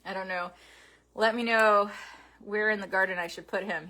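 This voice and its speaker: A woman vlogger chatting casually to camera as she opens fan packages, talking softly with many pauses and fillers. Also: mid-range voice, fairly even intonation. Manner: soft, halting and tearful, with many fillers. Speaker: vlogger opening fan mail. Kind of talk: casual unboxing chat to camera. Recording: faint background noise with package crinkling.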